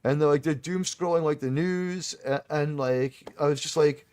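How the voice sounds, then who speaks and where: A man with a New York accent, faintly shaded by Boston, hosts a casual live stream and rambles effusively through fillers and false starts. His voice sits a little high for a man. The sound is close and dry, with almost no room. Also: moderate pace, darkish tone, clear, resonant tone, no room sound. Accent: New York, slightly Boston-tinged. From New York City. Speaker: host of a live watch-party panel stream.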